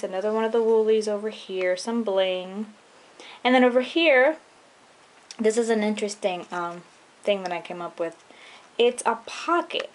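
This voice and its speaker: A young woman casually walking through her handmade scrapbook album, chatty and relaxed, with frequent ums and trailing-off phrases. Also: a little high. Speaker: scrapbooking vlogger. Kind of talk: casual show-and-tell walkthrough.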